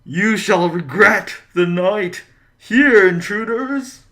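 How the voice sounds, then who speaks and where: A man voicing a menacing male specter, with a raspy, slow and booming delivery. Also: bright, forceful tone, heavily acted.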